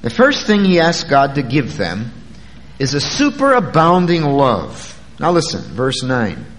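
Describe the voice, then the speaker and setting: A man's voice: mid-range voice, huge pitch swings, a little slow, a bit bright, in a large hall, low-quality recording. A man preaching a sermon as pastor, talking in a conversational way and stretching key words for emphasis.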